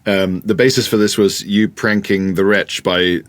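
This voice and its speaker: A man's voice: low-pitched, fairly even intonation, normal speed. A man co-hosting a comedy podcast, reading listener emails aloud with dry, playful comic timing. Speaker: podcast co-host.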